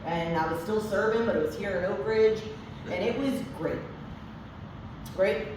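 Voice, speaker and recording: Recorded on a distant mic in an echoey, noisy room, a young adult woman with a medium-pitched voice tells a group about her recovery at a moderate pace. Her personal testimony is candid and profane, with frequent fillers.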